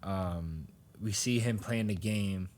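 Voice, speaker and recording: A man's voice: deep voice, takes it slowly, a little mellow, a little hiss or hum. A man co-hosting a podcast, casually recapping a comic, rambling and laughing often as he acts out lines. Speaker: podcast co-host.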